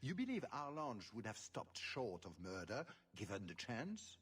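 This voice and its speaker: A polished video game duke, suave and quietly mocking. His mid-range voice swoops widely as he toys with people, with a slightly husky edge. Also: medium pitch, very animated, a little slow, exaggerated voice. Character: smooth, sly aristocratic male duke.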